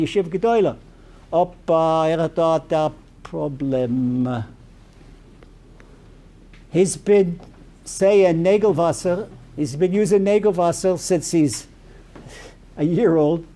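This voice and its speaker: A man as a rabbi giving a storytelling sermon, animated and peppered with Yiddish and Hebrew terms. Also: high-pitched.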